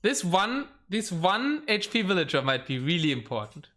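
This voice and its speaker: Live game caster at a desk mic, talking in a bouncy, up-and-down voice at a middling pitch, thinking out loud and reacting to the match with keyboard clacking now and then behind. The delivery is chatty and unscripted. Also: sing-song, moderate pace.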